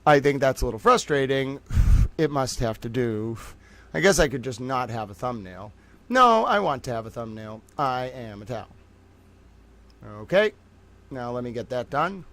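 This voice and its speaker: A man's voice: mid-range voice, normal speed, pauses often, a bit bright. A man hosting a casual livestream, talking to his chat with theatrical mock outrage while fiddling with his computer. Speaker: livestream host.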